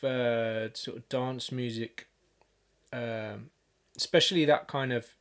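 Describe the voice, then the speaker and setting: Slow, halting man thinking aloud. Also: mid-range voice, fairly even intonation, fairly bright tone. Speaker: music producer streaming a session. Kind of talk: casual livestream talk.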